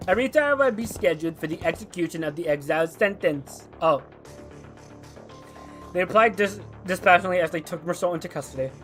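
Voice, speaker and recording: Excitable young male streamer, bright voice. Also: high voice, fairly quick, soft background music. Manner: excitable, laughing reactions. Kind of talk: reading a game story aloud with reactions.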